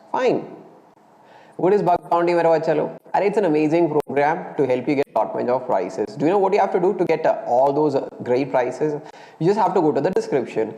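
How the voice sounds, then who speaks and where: A man's voice: fairly high pitch, mellow, muffled recording. A young male physics teacher with an Indian English accent, speaking energetically to students in a live online class and mixing in Hindi phrases. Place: indoor room, live stream. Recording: roomy echo, faint background ambience.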